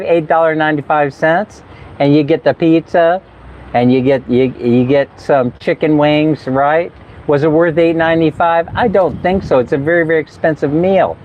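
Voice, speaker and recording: A man's voice: a little high, slight background noise. A man talking casually in a travel vlog, chatty and laughing often as he tells stories. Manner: chatty, laughs often, mimics people for fun. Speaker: travel vlogger. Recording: slightly dull outdoor recording.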